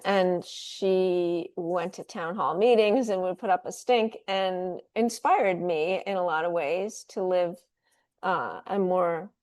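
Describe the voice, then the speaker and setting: Slow, chatty woman guest. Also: on the low side. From United States. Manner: relaxed, chatty, laughs often. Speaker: guest, food company founder. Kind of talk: casual interview talk.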